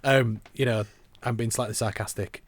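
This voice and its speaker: A man's voice: medium pitch, steady tone, moderate pace, no room sound. A man co-hosting a football podcast, chatting casually and rambling with self-mocking asides. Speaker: podcast co-host.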